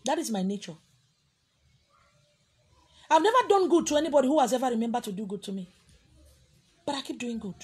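A woman's voice: high-pitched, slightly rough. A Nigerian-accented woman speaking in a defiant, emphatic vlog monologue.

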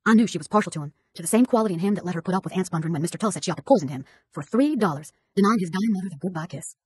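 A woman with a slightly low, husky voice races through a first-person passage at breakneck speed. Her tone stays indignant and gossipy as she reads. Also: animated, racing, a little mellow. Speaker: audiobook narrator. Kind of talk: first-person audiobook narration.

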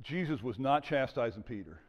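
Animated male preacher in a reverberant church. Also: medium pitch, normal speed, dull audio. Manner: animated preaching with audience call-outs. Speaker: pastor. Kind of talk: sermon. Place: church sanctuary. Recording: church hall with long reverb.

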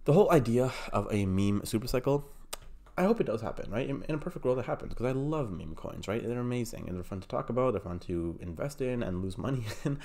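A man's voice: mid-range voice, a little mellow. A man hosting a crypto channel, talking in a brash, profane, hyped-up way and putting on a mock accent. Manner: puts on an unnamed mock accent. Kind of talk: casual hype commentary.

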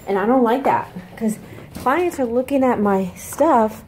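Chatty excitable woman vlogging at home. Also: fairly high pitch, unhurried, a little hiss or hum. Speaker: vlogger and makeup artist. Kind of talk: casual vlog chat. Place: home and yard, moving around.

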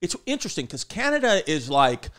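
A male comedy podcast host telling stories in a casual chat, jumping into loud acted quotes. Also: fairly high pitch, big pitch swings, a little fast, clear, resonant tone.

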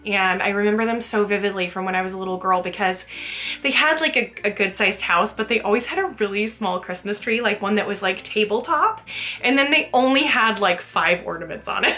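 A woman's voice: mid-range voice, a little fast, pushed and bright. Bubbly woman gushing over a haul. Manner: gushing, chatty, laughs often. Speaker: vlogger. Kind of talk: casual haul vlog.

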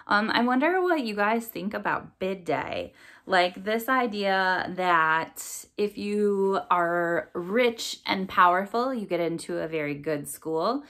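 A woman's voice: mid-range voice, expressive, slow, a bit bright. A woman reading a novel aloud as a storybook reader, then chatting with listeners and asking their thoughts. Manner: friendly, chatty outro with questions to listeners.

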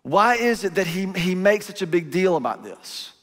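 Middle-aged male pastor, fairly high voice, chatty sermon in a big reverberant hall. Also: sing-song, moderate pace, a bit bright. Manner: conversational, acts out parents and kids in asides. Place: church auditorium.

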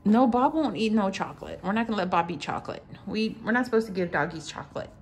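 A young mother at home gently coaxing and soothing her upset toddler with sing-song questions. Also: mid-range voice, expressive, fast talker, a little hiss or hum. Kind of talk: soothing parent talk to a child. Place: home, at a table.

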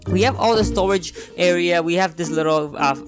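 A young man hosting a Minecraft let's play, talking in an excitable, rambling way. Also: high-pitched, normal speed, music in the background. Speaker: gaming channel host.

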